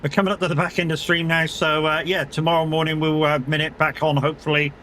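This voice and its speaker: A man's voice: on the high side, flat delivery, quick pace, fairly bright tone, a little hiss or hum. A man streaming a game live, chatting casually, swearing freely and bantering with his chat. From United Kingdom.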